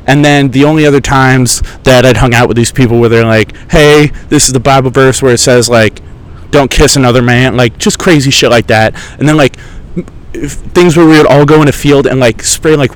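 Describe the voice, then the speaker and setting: A man's voice: mid-range voice, low-quality recording. A young man hosting a podcast, telling rambling, profane, sarcastic stories in casual chat. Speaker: podcast host. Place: outdoors in a park.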